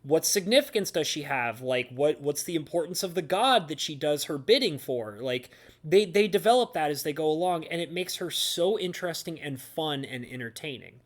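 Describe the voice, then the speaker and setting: A man's voice: fairly high pitch, expressive, normal speed. Guy rambling about his fave anime girls, lots of like and you know, gushy. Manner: rambling, filler-heavy, gushing. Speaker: anime reviewer. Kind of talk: casual talk to camera.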